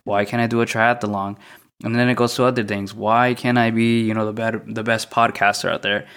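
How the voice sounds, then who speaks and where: A young man hosting a solo podcast, talking through his thoughts in a mostly monotone, reflective way, often repeating questions. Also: lowish voice, brisk, smooth. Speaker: podcast host.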